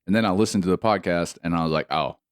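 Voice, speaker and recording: Very deep-voiced profane podcast guy. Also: rapid-fire, clear, resonant tone, no echo, clean studio sound. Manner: profane, laughs often. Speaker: podcast co-host. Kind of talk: casual chat.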